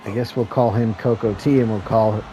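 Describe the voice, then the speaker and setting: A man hosting and calling a wrestling video game match as a solo play-by-play commentator, with excitable calls and joking asides. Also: lowish voice, moderate pace, slight background noise, rough recording. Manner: excitable play-by-play, rising to shouts at near-falls; self-deprecating asides.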